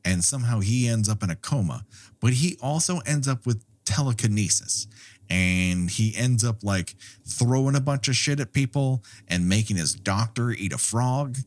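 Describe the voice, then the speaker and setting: A man's voice: mid-range voice, animated, normal speed. A man co-hosting a podcast, chatting casually about a film, laughing often, swearing freely and going off on rambling asides. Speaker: podcast co-host.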